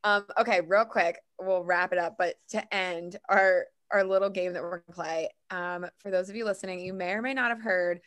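Animated woman telling a story. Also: lowish voice, normal speed, hardly any pauses. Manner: animated storyteller, acts out quotes. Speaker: podcast co-host. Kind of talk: casual chat.

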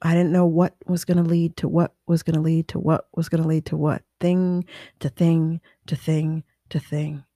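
A woman who runs her own business and speaks to motivate others, telling her story in a lively way and acting out the people she quotes. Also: sits low, moderate pace, no room sound, clean studio sound. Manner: animated, acts out quoted voices, restless self-correcting. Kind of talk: personal storytelling talk.

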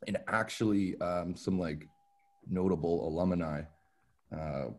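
A man, a comedian guest, chatting casually on a podcast and explaining things in a relaxed, rambling way. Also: low-pitched, measured pace. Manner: relaxed, filler-heavy storytelling.

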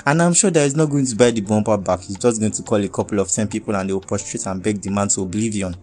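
A young man with a Nigerian accent telling a wild personal story in a lively, profane way, dropping into Pidgin and Yoruba. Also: fairly low pitch, fast, hardly any pauses. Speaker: vlogger. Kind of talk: casual storytelling.

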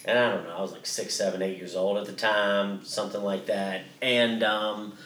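A man's voice: lowish voice, steady tone, moderate pace, a bit bright, echoey room, distant mic. A man co-hosting a podcast, telling a story in a casual, rambling way with many restarts and some swearing. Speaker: podcast co-host.

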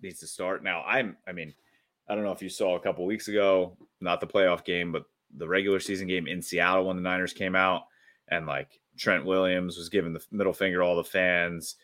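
A man co-hosting a casual sports podcast, excitable and rambling, often restarting his sentences. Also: deep voice, a little fast. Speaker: podcast co-host.

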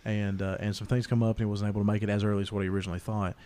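A man's voice: lowish voice, very fast. A man, a podcast host telling stories in casual chat and acting out the people he quotes. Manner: animated storyteller, acts out quoted voices.

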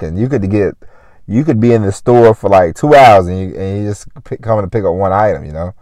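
A man's voice: low-pitched, fast, warm tone, dry recording, studio quality. A man hosting a podcast, rambling in a casual motivational monologue and saying "you know" again and again. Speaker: podcast host.

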